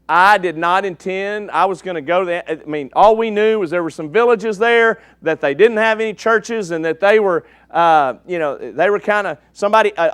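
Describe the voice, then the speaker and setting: Man, preacher, folksy, jokes with the crowd, high voice, dry sound. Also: fairly bright tone, clear, resonant tone, no room sound. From East Texas. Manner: folksy and joking, checks in with "okay?". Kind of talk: sermon with a slide show. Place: church.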